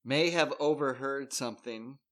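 A man co-hosting a podcast in casual chat, reacting with quick jokes. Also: mid-range voice, fairly bright tone. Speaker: podcast co-host.

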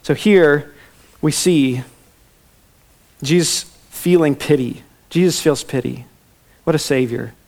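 A man preaching a sermon in a relaxed, conversational way, with casual fillers and asides. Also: fairly high pitch, slow pace, gravelly, pauses often. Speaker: pastor.

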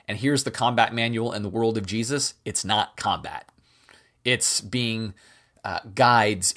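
A man's voice: mid-range voice, fairly bright tone. A man hosting a podcast, speaking earnestly and emphatically about faith in a reflective monologue with repeated phrases. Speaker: podcast host.

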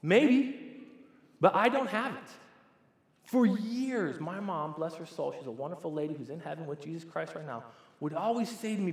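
A high-pitched man in his forties speaks at a moderate pace, preaching a sermon as a pastor in a church sanctuary. He talks conversationally and puts questions straight to the congregation. The recording carries the echo and long reverb of the church hall.

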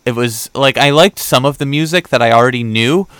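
A young man hosting a podcast chats casually, meandering through a dating story and acting out the back-and-forth quotes, filler words everywhere. His smooth, fairly bright mid-range voice moves a little fast, and there's no room sound.

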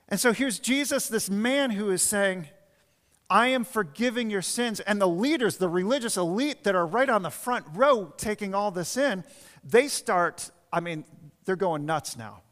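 A man's voice: high voice, lively intonation, normal speed. A man preaching a sermon as pastor, telling stories and then driving home his points with emphasis. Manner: storytelling preacher, shifts between quiet asides and emphatic points. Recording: long reverb of a church hall.

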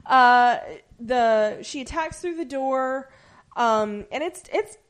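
A podcast co-host, a woman with a high voice, speaks slowly in a casual chat. She animatedly retells a TV episode, slipping into playful quoted voices.

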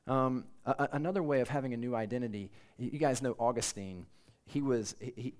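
A man's voice: medium pitch, fairly quick, darkish tone. A man giving an informal, earnest sermon to students in a conversational way, laughing at himself now and then. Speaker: campus pastor.

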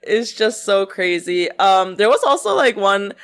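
A woman's voice: mid-range voice, animated, measured pace, a bit bright. A young woman co-hosting a podcast, chatting casually, giggling often and mimicking voices as she tells stories. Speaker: podcast co-host. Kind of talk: casual chat.

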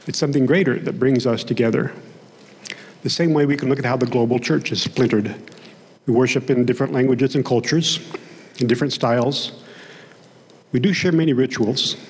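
Plain-spoken pastor in a hall. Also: male voice, mid-range voice, darkish tone, breathy edge. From Oklahoma. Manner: conversational, plain-spoken preaching with asides. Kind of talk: sermon. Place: church sanctuary. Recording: long hall reverb in a sanctuary.

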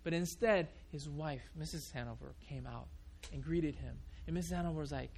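Pastor guy preaching, animated storytelling, kinda gravelly voice. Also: on the high side, a little fast, few pauses, slight background noise. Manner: animated, with frequent restarts. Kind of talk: sermon storytelling.

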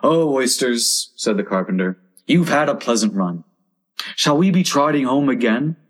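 A man's voice: mid-range voice, animated, moderate pace, natural voice. A man voicing a greedy carpenter with a blunt, grumbling manner.

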